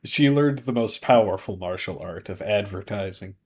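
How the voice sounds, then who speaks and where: A jokey man co-hosts a casual podcast chat. He acts out quoted lines in exaggerated, high-jumping voices, then drops back to his everyday tone. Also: normal speed, a little mellow, slightly rough. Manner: jokey, acts out characters' lines with big pitch jumps. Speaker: podcast co-host.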